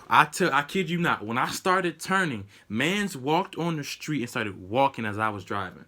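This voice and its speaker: A young man vlogger telling a story casually, acting out the people in it with sudden high outbursts. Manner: animated, acts out quotes with sudden high-pitched outbursts.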